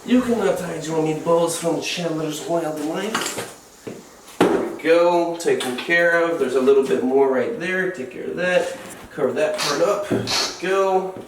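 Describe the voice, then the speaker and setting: Playful male animal-keeper host, slightly high, echoey room. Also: measured pace, background noise. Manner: playful, chatty, talks to the animals. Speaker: wildlife keeper and vlog host. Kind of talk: casual narration while working. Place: indoor animal enclosure room. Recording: roomy, distant mic, music underneath.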